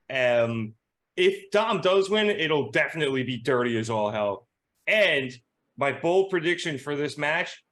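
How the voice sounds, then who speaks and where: A young man co-hosting a wrestling podcast in casual chat, excitable and quick to laugh, often restarting his sentences. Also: medium pitch.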